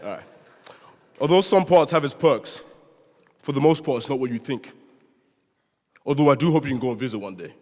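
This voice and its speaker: Here a young Londoner of Nigerian birth gives a sincere, prepared address as a student speaker in a spacious chapel, sometimes joking with listeners. His voice is medium in pitch with a darkish tone and lively intonation, brisk but pausing often, in a London English accent. The sound carries the long reverb of the chapel hall.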